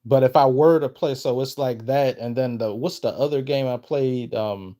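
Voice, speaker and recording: A man streaming live, reading and answering his chat in a casual, rambling way, often trailing off and restarting his sentences. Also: moderate pace. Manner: lively, pitch jumps up when excited.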